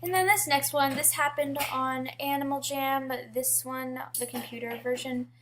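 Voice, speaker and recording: A woman's voice: high voice, fairly even intonation, normal speed. A teenage girl casually telling stories about an online game, chatty with many fillers and restarts. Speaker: gaming storyteller. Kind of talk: casual storytelling.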